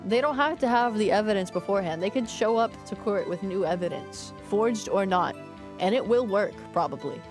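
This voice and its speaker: A woman's voice: medium pitch, animated, moderate pace, music in the background. A young woman streaming a game, playfully joking and voicing the characters' lines aloud. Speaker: VTuber streamer. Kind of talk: game stream with voiced dialogue.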